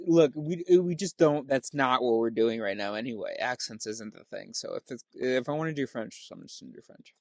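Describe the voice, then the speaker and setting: A man's voice: medium pitch, expressive, brisk, creaky, few pauses, no room sound. A man in a casual monologue, rambling and interrupting himself with many restarts. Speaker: vlogger.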